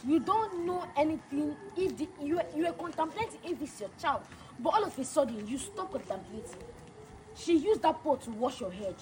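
A woman playing a stern young female prophet, delivering slow, solemn pronouncements. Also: high-pitched, lively intonation, background noise. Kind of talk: skit drama acting.

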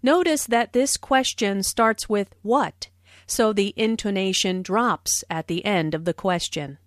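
A woman narrating language notes for an English lesson, speaking slowly and clearly. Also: medium pitch, no room sound, clean studio sound. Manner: slow and clear, with expressive intonation.

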